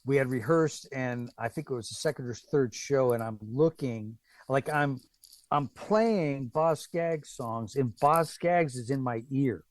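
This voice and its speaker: A man telling stories as a guest drummer in a casual chat, acting out quotes in a higher voice. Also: unhurried, dry recording. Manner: animated, acts out quotes with raised pitch. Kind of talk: casual storytelling.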